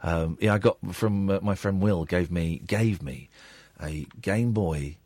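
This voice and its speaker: Blunt, husky radio host man. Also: low-pitched, a little slow, darkish tone, dry recording. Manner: blunt, argumentative. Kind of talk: phone-in radio talk. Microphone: studio microphone.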